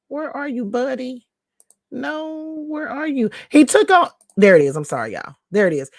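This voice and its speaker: A woman's voice: a little high, dry recording, studio quality. A woman hosting a sassy news commentary show, who calls her listeners baby and honey, repeats a catchphrase and laughs between remarks.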